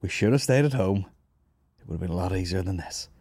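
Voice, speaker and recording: A Northern Irish man in his thirties hosts a comedy podcast from a studio office, laughing his way through a long, sweary story. His voice is deep and a little mellow, and he talks quickly. The recording is dry and cleanly studio-produced.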